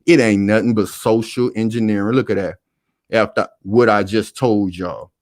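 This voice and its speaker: A man's voice: fairly low pitch, steady tone, moderate pace, darkish tone, no room sound, clean studio sound. Preachy man hosting a live stream. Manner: preachy, keeps calling out to viewers. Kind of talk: casual live-stream commentary.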